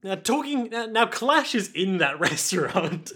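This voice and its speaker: Joking man with a high, bright voice. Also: big pitch swings, a little slow, husky. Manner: joking, laughs often, playful narration. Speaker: podcast co-host. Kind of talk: casual comedic recap chat.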